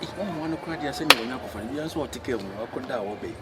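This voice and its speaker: A man doing a loud, bantering street comedy skit outdoors. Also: medium pitch, expressive, rapid-fire. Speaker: comedy sketch performer. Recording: noisy outdoor street recording.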